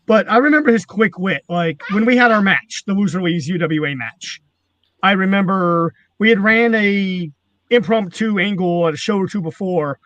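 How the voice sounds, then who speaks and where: A man's voice: high-pitched, moderate pace, fairly bright tone, dry recording, lo-fi sound. A man, a former wrestling manager, telling rambling, profane stories in casual chat. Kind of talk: casual storytelling.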